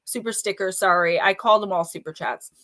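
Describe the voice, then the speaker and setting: Bright-voiced chatty woman reading oracle cards. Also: medium pitch, brisk. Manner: chatty, playful, reads card texts aloud, greets viewers by name. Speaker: livestream oracle card reader. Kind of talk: casual live-stream card reading.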